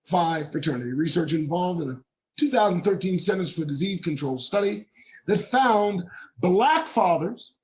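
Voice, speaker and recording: A man in his forties, hosting a show, talking to viewers in a preachy, joking way that breaks into shouting, his voice going hoarse. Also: sits high. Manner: preachy, jokey, bursts into shouting. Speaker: show host. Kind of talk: monologue to viewers.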